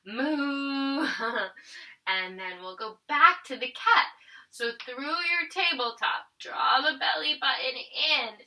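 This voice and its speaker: Bright-voiced woman leading a yoga class. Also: high voice, far from the mic, low-quality recording. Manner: calm step-by-step guiding, counting breaths, switching between English and Spanish. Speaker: yoga instructor. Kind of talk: guided family yoga class.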